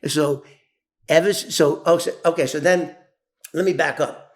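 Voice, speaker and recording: A man telling an animated street story, acting out the voices of others and often restarting his sentences. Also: on the high side, moderate pace. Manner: animated, acts out quoted voices, many restarts. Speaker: former mob associate telling his story. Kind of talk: casual spoken storytelling.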